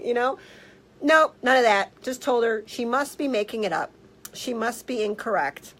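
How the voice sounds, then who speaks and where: A woman health practitioner telling a story in a casual vlog, blunt and animated, swearing freely. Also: a little high, normal speed, poor audio. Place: office.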